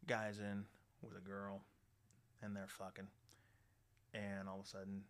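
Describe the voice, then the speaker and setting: A man's voice: fairly low pitch, monotone, a little slow, smooth. A man hosting a podcast, telling crude stories and jokes in a rambling, profane way, full of "you know" fillers. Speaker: podcast host. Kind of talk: crude casual storytelling and joke telling.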